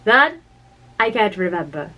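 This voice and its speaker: A woman's voice: mid-range voice, sing-song, unhurried, sharp tone, low-quality recording. Woman doing a trembling, pleading Hatter. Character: nervous trembling timid male hatter. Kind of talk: storybook read-aloud.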